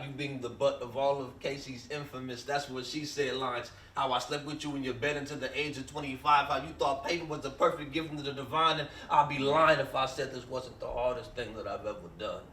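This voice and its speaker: A man at an open mic performing a rhythmic rhyming spoken word tribute, then speaking softly and hesitantly. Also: medium pitch, fairly even intonation, fairly quick, hardly any pauses, distant mic. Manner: rhythmic rhyming delivery, soft hesitant when chatting. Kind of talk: spoken word poetry then casual remarks. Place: open mic at a poetry library. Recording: echoey room, heard from afar, faint noise.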